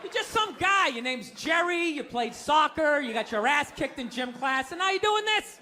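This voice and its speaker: A man's voice: extremely high pitch, animated, normal speed, background noise. A man doing stand-up comedy, ranting in a profane, incredulous way. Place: stage before a live audience.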